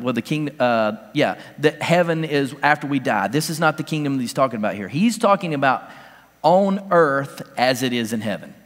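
A male pastor preaching a casual, conversational sermon, his voice jumping upward in emphatic bursts. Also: a little high. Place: church sanctuary. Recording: church hall reverb.

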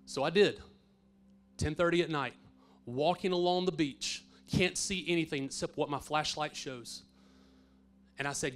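A middle-aged pastor telling a personal faith story in a sermon, earnest and swinging from hushed to emphatic. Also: male voice, fairly high pitch, normal speed.

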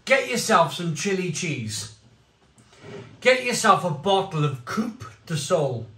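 A man reviewing beer and cheese on his channel, rambling excitedly, with bursts of shouting. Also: high voice, takes it slowly, echoey room, distant mic. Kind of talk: enthusiastic tasting vlog.

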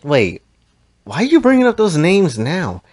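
A man's voice: a little high, huge pitch swings, unhurried, a little mellow, pitched above the performer's own voice, full character voice. A man voicing a proper young anime heroine who speaks in a prim, scolding way. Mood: stern, shocked.

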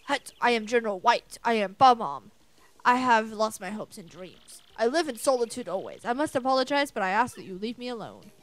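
A woman voicing a gloomy, solemn bomb-creature general in a video game, speaking stiffly and slowly. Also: lively intonation, dry recording, lightly acted. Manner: stiff, solemn, lower and slow.

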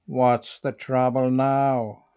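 A man's voice: mid-range voice, little pitch movement, extremely slow, clear, resonant tone, dull audio. A man voicing a stern old female leader goose who answers sharply and curtly. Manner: sharp, curt, unyielding.

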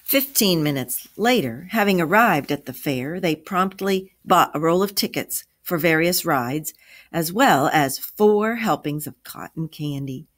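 A woman's voice: low voice, unhurried. Woman reading a story aloud to children. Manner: expressive, lively character voices.

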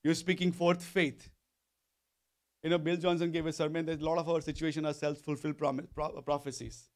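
A man's voice: a little high, level tone, brisk. A male pastor preaching a sermon, often repeating phrases and asking the congregation questions. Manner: repetitive, call-and-response questions to congregation.

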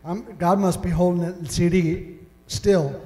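A man's voice: sits high, fairly even intonation, measured pace, warm tone. A man preaching a sermon as pastor, mimicking whiny complainers as he talks. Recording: echoey hall reverb.

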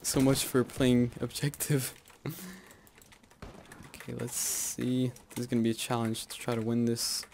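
A man's voice: mid-range voice, little pitch movement, unhurried, slight background noise. Young man rambling over gameplay. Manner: rambling, laughs and yells at the game. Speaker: gaming channel host. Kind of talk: live gameplay commentary.

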